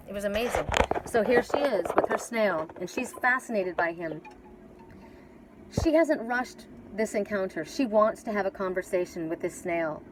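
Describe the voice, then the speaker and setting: A woman's voice: mid-range voice, slight background noise, poor audio. A woman giving a spiritual oracle card reading, telling a dream in an earnest, storytelling way, repeating and restarting words often.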